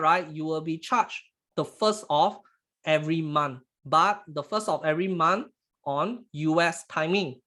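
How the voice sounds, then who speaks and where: A man with a Singaporean English accent hosting a casual live trading webinar, halting and repeating words, chatty with "lah" at phrase ends. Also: a little high, fairly bright tone. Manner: chuckles while talking, snacking between lines.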